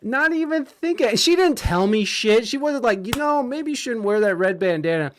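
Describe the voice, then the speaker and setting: A man's voice: extremely high pitch, animated, normal speed, slight background noise. A man in casual chat, telling a rambling, profane story full of restarts and laughter.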